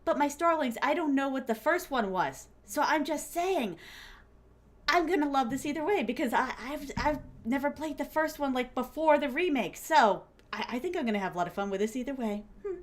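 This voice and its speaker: Chatting casually with her stream viewers, this young Floridian woman keeps things playful and laughs a lot. She speaks a little fast in a high voice with lively intonation.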